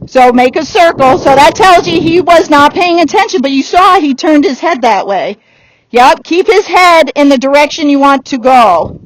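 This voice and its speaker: High-pitched woman trainer; direct, upbeat coaching in an outdoor arena. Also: expressive, a little hiss or hum, rough recording. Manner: direct coaching with quick laughs. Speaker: horse trainer. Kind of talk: giving a riding lesson.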